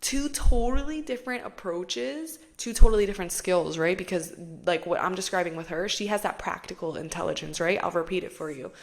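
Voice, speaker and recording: A woman's voice: lowish voice, fairly quick, vocal fry, hardly any pauses. Chatty young woman podcast host. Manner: chatty, frequent "like" fillers, swears casually. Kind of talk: casual podcast monologue.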